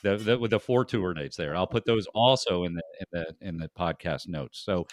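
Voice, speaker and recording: A middle-aged man hosts a casual podcast chat, stopping and restarting as he rambles. His voice sits low. It is recorded dry and close. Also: moderate pace, no room sound. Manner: rambling, many fillers and restarts. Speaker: podcast host.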